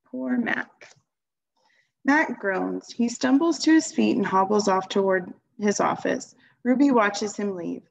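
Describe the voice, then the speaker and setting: A woman reading a children's novel aloud in a calm, even storytelling voice. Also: mid-range voice, a little slow, gravelly, few pauses, dull audio. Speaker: reader.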